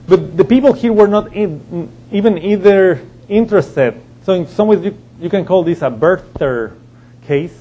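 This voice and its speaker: A man's voice: a little high, dark tone, rough recording. A man teaching through a Bible passage verse by verse, reading scripture aloud and explaining it with frequent restarts.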